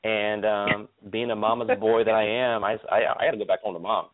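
A man from Stockton, California, a guest optometrist telling stories in an animated way, repeating words and using lots of fillers. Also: on the low side, fairly quick. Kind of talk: casual interview storytelling. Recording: tinny phone line.

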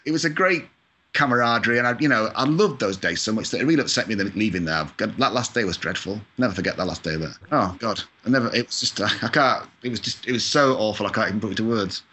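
A man from Scotland talks in a fast, bright, slightly low voice. He chats casually as an interview guest, self-deprecating, with mild swearing. His speech is loose and full of fillers. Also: lively intonation, slight background noise. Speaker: video game composer, guest. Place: lives in California.

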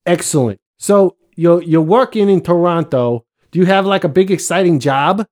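Male podcast host, slightly high voice, loose and rambling, joking with profanity and filler words. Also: normal speed, a little mellow. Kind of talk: casual chat. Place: home, living abroad. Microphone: computer microphone.

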